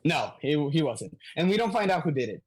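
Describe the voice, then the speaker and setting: A man with a high voice that swings up and down, animatedly retelling a comic book story on a casual podcast. He swears freely and keeps the chat loose. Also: big pitch swings, fairly quick, husky. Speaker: podcast co-host.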